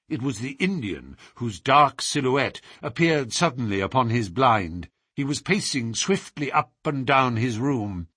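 A man narrating a classic story in a steady storytelling manner. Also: medium pitch, a little slow, few pauses, husky, no room sound, studio quality.

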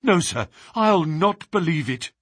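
A man's voice: on the high side, animated, measured pace, fairly bright tone, breathy edge, dry recording, clean studio sound, voice pushed up, full character voice. A man doing a timid, deferential servant. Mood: anxious. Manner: anxious, deferential.

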